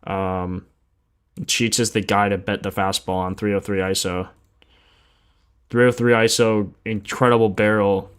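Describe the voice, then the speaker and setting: A man's voice: lowish voice, flat delivery, a little slow, pauses often, clean tone. A man hosting a sports betting livestream in casual chat, laid-back and slangy, sleepy after just waking up, reading stats aloud and answering chat.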